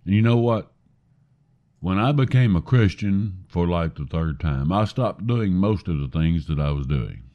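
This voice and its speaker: A man with a very low voice preaches a sermon, putting earnest questions straight to his listeners. The recording sounds dull and lo-fi. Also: animated, measured pace.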